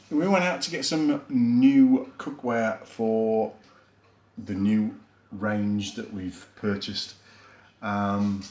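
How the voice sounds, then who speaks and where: A man's voice: medium pitch, a little mellow. A man with a Yorkshire accent giving a chatty, rambling, self-deprecating beer review on his vlog, with plenty of fillers. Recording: echoey room.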